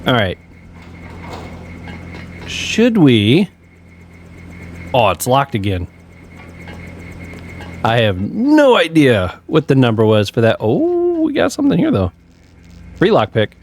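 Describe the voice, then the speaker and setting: A man's voice: mid-range voice, huge pitch swings, slow pace, pauses often, darkish tone, a little hiss or hum. Upbeat male let's-play host. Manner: upbeat, chatty, laughs often. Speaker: gaming channel host.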